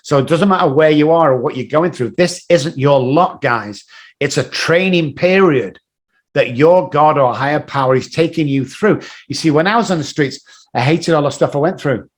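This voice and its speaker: A man's voice: on the high side, moderate pace. A man telling motivational stories as a guest, acting out the voices of people in them. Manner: animated, acts out voices in his stories. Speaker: guest, addiction recovery coach. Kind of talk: motivational storytelling.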